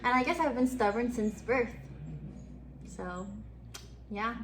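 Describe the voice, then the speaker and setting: Lively young woman streamer, bright voice. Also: on the high side, slow, slight background noise. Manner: animated, laughing often, swears casually. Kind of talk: casual storytelling to stream chat.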